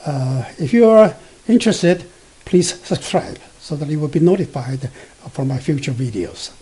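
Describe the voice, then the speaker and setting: A man teaching beginner Mandarin from slides, explaining slowly and haltingly with many fillers, and reading example sentences tone by tone. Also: a little high, animated, mellow, slightly rough. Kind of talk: slide-based language lesson.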